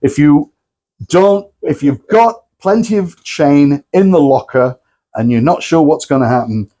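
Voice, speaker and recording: A man presenting at a club night, telling anecdotes in a lively way and acting out the people he quotes. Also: a little high, measured pace. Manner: lively storyteller, acts out quotes.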